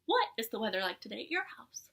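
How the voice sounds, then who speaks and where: Young female preschool teacher, home lesson; bright, high-ish, sing-song, slips into whispers. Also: vocal fry, husky. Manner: animated sing-song teacher voice with gasps and drawn-out words; often drops to a soft whisper. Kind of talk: circle time lesson for young children.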